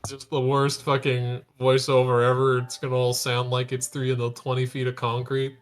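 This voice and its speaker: A man's voice: medium pitch, monotone, moderate pace. Goofy swearing male player. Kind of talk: joking tabletop chat.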